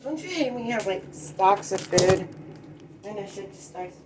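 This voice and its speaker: A woman's voice: mid-range voice, lively intonation, normal speed, noisy background. A woman in a rambling, agitated and profane casual vlog rant, talking at home in her apartment while cooking.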